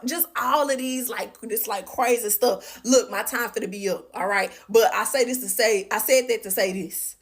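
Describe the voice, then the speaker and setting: A chatty woman recounts a bad relationship for her viewers. She is lively and talks straight to them. Her voice sits a little on the high side. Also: normal speed. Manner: animated, chatty, addresses viewers directly. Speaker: storyteller. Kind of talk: casual storytime vlog.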